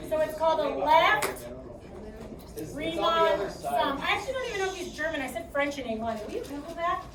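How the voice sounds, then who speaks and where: A young woman with a Chicago accent teaches a classroom math lesson in a high voice. She projects her speech and keeps asking "okay?" as she goes. The sound is roomy and echoey, picked up from some distance, with a faint hiss underneath. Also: expressive, a little fast, a crowd in the background. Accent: Midwestern American, Chicago. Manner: chatty, projecting, asks okay often. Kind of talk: classroom lecture.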